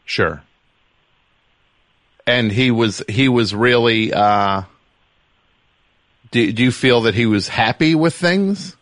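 A man hosting a casual podcast, asking loud, probing questions. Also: medium pitch, lively intonation, slow pace, long pauses, no echo. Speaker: host.

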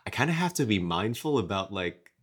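Male guest; expressive pitch, thoughtful, conversational, trips over his words. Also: brisk, breathy edge. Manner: animated, self-correcting, thoughtful. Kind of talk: casual interview chat.

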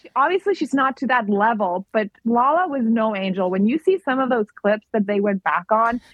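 A young woman guest in a casual chat, talking bluntly and quickly with strong opinions. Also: on the high side, lively intonation, no room sound, muffled recording. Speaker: podcast guest.

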